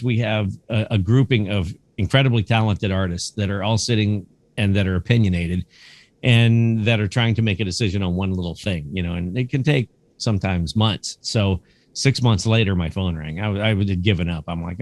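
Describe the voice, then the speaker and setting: A man's voice: lowish voice, normal speed, no room sound. A middle-aged man, a guest curator on a podcast, telling casual stories and acting out the dialogue with some swearing. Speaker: guest, camera museum curator. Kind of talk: conversational storytelling.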